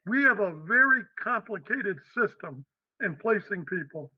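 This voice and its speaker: A man voicing a gruff, blunt middle-aged male office worker with a New York accent. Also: high-pitched, lively intonation, unhurried, no echo, lo-fi sound, full character voice.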